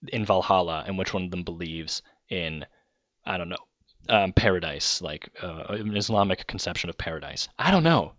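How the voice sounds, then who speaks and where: A man from Canada speaks in a relaxed, wandering podcast monologue, often stopping to correct what he's just said. His voice is on the low side and a bit bright, with lo-fi sound and no echo.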